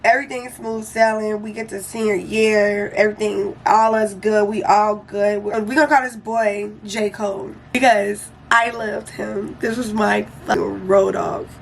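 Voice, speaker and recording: A young woman casually telling a storytime vlog in an animated, slangy and profane way. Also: mid-range voice, unhurried, vocal fry, few pauses, slight background noise.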